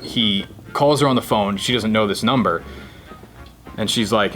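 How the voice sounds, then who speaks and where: A man's voice: lowish voice, moderate pace, soft background music. A man in his thirties from New Jersey, a guest comedian telling stories in casual chat, candid and swearing freely. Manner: relaxed, candid storyteller who swears freely.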